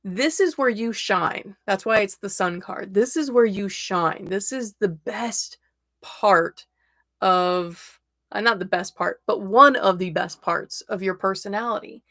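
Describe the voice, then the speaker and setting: Chatty woman with a gravelly creak. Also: mid-range voice, a little slow, no room sound, studio quality. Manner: chatty, laughs often, excitable outbursts. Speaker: tarot reader and livestream host. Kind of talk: casual livestream tarot reading.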